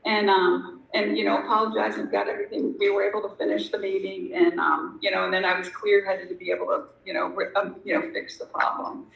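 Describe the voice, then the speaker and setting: A woman's voice: mid-range voice, flat delivery, a little fast, vocal fry, hardly any pauses, highs cut off. A middle-aged woman sharing her story at a recovery meeting, candid and self-deprecating, rambling with lots of fillers. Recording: echoey room with faint noise.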